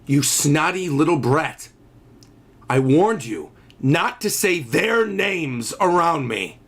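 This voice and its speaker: A man voicing a big, arrogant male cyborg villain who gloats in a slow, sneering way while reading a comic aloud. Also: fairly high pitch, lively intonation, a bit bright, pitched below the performer's own voice, full character voice. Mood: angry.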